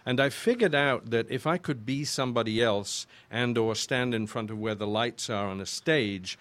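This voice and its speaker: An older Yorkshireman with an English accent, a voice actor, guests on a casual interview and rambles through his stories with restarts. His voice is medium-pitched, a bit bright, at normal speed.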